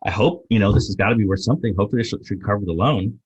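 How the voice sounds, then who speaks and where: A man's voice: on the low side, rapid-fire, husky. A man voicing a polite, earnest male frog who asks a bank for a loan, in a joke told on a dull, lo-fi podcast recording. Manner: earnest, courteous.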